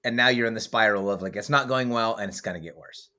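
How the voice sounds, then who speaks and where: A man's voice: on the low side, quick pace, sharp tone. A man hosting a podcast as author and coach, talking in a blunt, emphatic way with vivid swearing. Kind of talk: casual podcast conversation.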